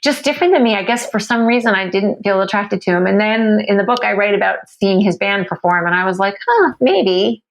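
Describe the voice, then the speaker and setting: A woman's voice: mid-range voice, fast, few pauses, poor audio. A woman author being interviewed, talking candidly and thoughtfully with frequent restarts. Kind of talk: reflective conversational interview.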